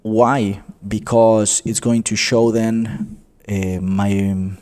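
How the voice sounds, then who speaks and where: A man teaching a coding tutorial, explaining step by step, often calling viewers "guys" and pausing with fillers. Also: lowish voice, little pitch movement, a little mellow. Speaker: economics tutor. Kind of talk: screen-recorded coding tutorial.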